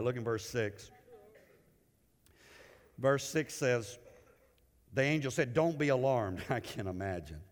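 A male pastor delivers a sermon in a large hall, shifting between booming, raised lines and quiet, low ones. He frequently repeats words to build toward a point.

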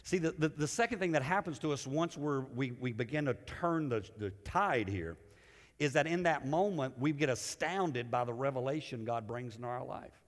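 Preaching expressively at a moderate pace in a large hall, this male pastor alternates loud, lifted phrases with hushed, low ones. Repetition of words is a frequent tool as he develops a point.

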